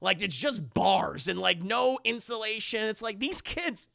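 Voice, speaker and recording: A man streaming a casual, rambling film recap to his chat, animated and swearing a lot, close to the mic. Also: high voice, moderate pace, gravelly, no room sound.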